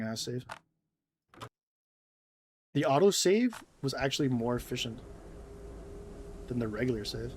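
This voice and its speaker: A man's voice: mid-range voice, dry recording. A man giving casual gameplay commentary, rambling and self-amused, easily sidetracked. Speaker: game streamer.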